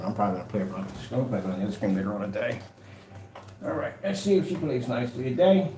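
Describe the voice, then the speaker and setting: At home, a man with a medium-pitched, slightly mellow voice talks fast with lively intonation. He's giving a casual product demo of his projector screen paint in an emphatic, rambling sales manner, in a room with a projector and gray wall, recorded with a roomy echo.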